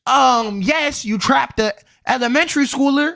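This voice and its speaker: A man's voice: extremely high pitch, moderate pace, pushed and bright. A man hosting a reaction video, talking in a blunt, incredulous, joking way. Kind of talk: casual reaction commentary.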